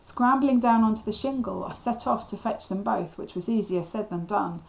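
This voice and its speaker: Teacher lady reading a kids' novel out loud, steady and expressive, mid pitch. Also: moderate pace, vocal fry, rough recording. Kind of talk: reading a children's novel aloud.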